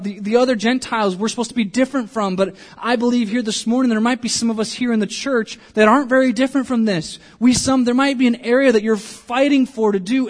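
A man preaching a sermon in church, earnest, acting out the inner voices of his listeners. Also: very high voice. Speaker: pastor.

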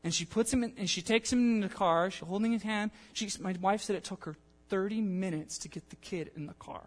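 High-voiced young male preacher in a church. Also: a little fast. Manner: animated, conversational, acts out quotes. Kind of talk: sermon. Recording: long church-hall reverb.

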